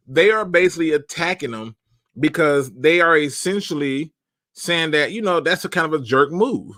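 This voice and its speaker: A man hosting a live sports talk stream, chatting casually with slang and repeated starts, giving shout-outs and opinions. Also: fairly high pitch, expressive, unhurried, dry recording, clean studio sound. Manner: conversational, repeats himself, uses slang. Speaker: podcast host.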